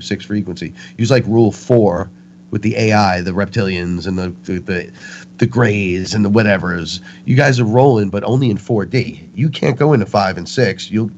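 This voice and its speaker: A man talks as a guest on a spiritual talk show, with a low, grounded voice. He tells stories with animated energy and acts out the voices he quotes. The recording sounds muffled and lo-fi, with faint noise behind him. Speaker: interview guest.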